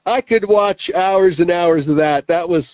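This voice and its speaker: A man's voice: sits high, moderate pace, no echo. A man co-hosting a review show, chatting enthusiastically with his co-host. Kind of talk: casual chat. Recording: dry tinny phone-like line.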